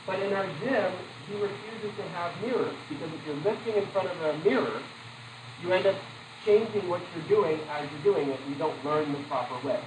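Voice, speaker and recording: Against a noisy background, a man teaches psychology in a high-pitched voice at a moderate pace. He keeps the lecture loose, quizzing students, making casual asides and correcting himself as he talks.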